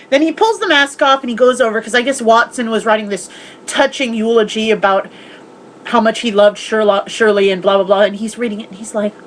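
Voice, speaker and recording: A woman's voice: on the high side, a little hiss or hum, poor audio. A woman chatting casually in a home vlog, recapping movies, swearing freely and acting out the characters' lines. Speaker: vlogger.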